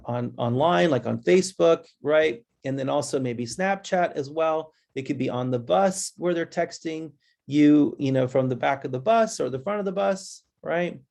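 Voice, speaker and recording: Gravelly man giving a casual webinar talk. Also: darkish tone. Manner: conversational, restless, quick changes of pitch when imitating kids; addresses listeners directly as "guys". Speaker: presenter. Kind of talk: webinar presentation.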